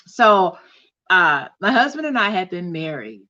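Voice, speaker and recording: A woman's voice: on the low side, big pitch swings, a little slow, sharp tone, dull audio. A woman hosting a casual livestream chat, talking in a confiding way to viewers and reading out their comments. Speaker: host.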